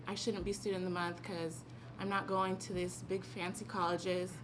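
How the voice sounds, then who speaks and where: A woman's voice: on the low side, level tone, moderate pace. A teenage girl giving a rambling, giggly thank-you speech as an honored student at a school event. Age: late teens. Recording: noisy event recording.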